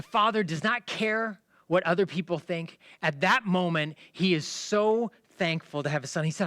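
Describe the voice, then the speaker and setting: A man preaching a livestreamed sermon in a conversational storytelling way, acting out the people in the story and sometimes bursting into shouts. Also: high voice, normal speed, few pauses, dry recording, studio quality. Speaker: pastor.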